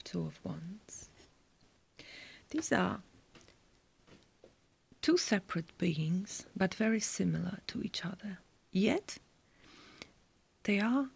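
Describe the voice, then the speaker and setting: A woman giving a tarot reading in a soft, slow whisper with many pauses. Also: on the low side, gravelly, breathy edge. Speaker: tarot reader.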